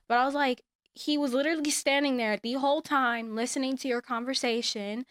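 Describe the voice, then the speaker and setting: Smooth, high-voiced woman telling a story. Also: normal speed, no room sound, clean studio sound. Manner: animated, acts out others' lines, emphatic advice. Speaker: storyteller sharing a personal experience. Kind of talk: casual storytelling.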